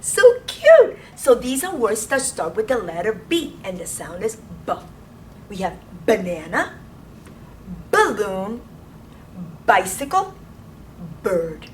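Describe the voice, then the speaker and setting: Preschool teacher, woman, sing-song and bouncy, unhurried, recorded from a distance. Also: medium pitch, slight background noise. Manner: animated, sing-song, gasping with excitement. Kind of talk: children's lesson. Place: classroom.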